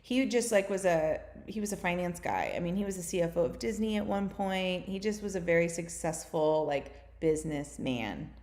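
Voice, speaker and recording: A woman's voice: lowish voice, lively intonation, darkish tone. A woman in her thirties from the United States, telling stories in a casual podcast talk, full of fillers. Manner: fast, filler-heavy storytelling with many "like"s. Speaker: guest. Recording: roomy echo.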